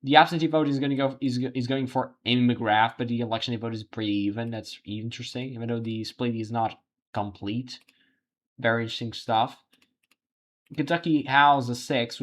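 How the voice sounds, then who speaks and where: A man hosting a livestream, giving live election results commentary while thinking aloud, halting with frequent restarts. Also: mid-range voice, fairly even intonation. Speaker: livestream host.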